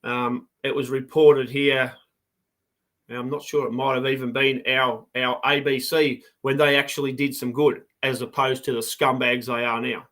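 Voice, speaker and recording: Middle-aged Australian farmer, male, on a live stream; combative and fired up, with a pushed, forceful voice. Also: medium pitch, level tone, moderate pace. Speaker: farmer and farm advocate. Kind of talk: live broadcast commentary.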